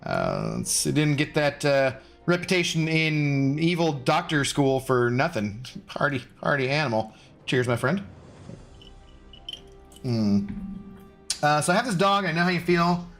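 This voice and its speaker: A man's voice: fairly high pitch, big pitch swings, unhurried, creaky, pauses often, fairly bright tone, soft background music. A man casually chatting with viewers while live-streaming a mobile game, greeting them by name.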